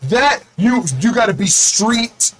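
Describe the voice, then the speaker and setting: A man's voice: extremely high pitch, slow pace, a bit bright, poor audio. A man hosting his own video, delivering an angry, profane rant with lots of repetition. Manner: says he is angry and fed up. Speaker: video host.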